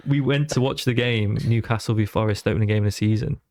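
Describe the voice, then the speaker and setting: Male podcast guest, animated storyteller, dry close mic. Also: on the low side, fast, no room sound. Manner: animated storyteller who slips into voices. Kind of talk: casual chat.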